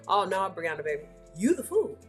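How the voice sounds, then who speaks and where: A woman's voice: on the low side, sing-song, brisk, soft background music. A woman giving blunt, slangy, scolding reaction commentary as a vlog host. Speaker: commentary vlogger.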